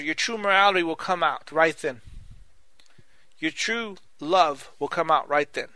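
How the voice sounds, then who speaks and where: A man delivers a sermon in a bright, forceful voice that sits a little high. He talks earnestly and circles back on his points, calling the listeners his friends. The sound is dry and close. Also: dry recording. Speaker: preacher.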